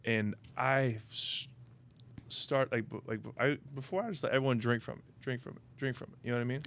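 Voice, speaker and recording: A man's voice: medium pitch, steady tone, fairly quick, vocal fry, fairly bright tone. A young man hosting a podcast, telling personal stories in a loose, rambling way, full of "you know what I mean" and casual swearing. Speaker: podcast host. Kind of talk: casual chat, personal storytelling.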